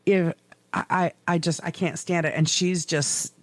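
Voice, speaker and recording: A middle-aged woman co-hosting a podcast, telling stories in a swearing, animated way with laughs, in casual chat. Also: fairly low pitch, measured pace, no echo. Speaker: podcast co-host.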